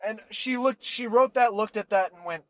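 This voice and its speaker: A man's voice: high voice, normal speed, poor audio. A young man, a podcast guest, joking and bantering in casual chat. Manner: joking, reacts with laughs and banter.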